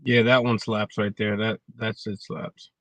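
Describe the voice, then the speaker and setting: A man co-hosting a casual live stream, blunt and profane, quick to push back. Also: fairly low pitch, level tone, fairly bright tone, dry recording. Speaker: co-host.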